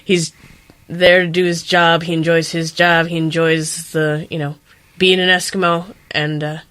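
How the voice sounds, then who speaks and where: A woman's voice: fairly low pitch, flat delivery, measured pace, a bit bright. A woman guest on a podcast, chatting with loose, trailing sentences. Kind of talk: casual podcast chat.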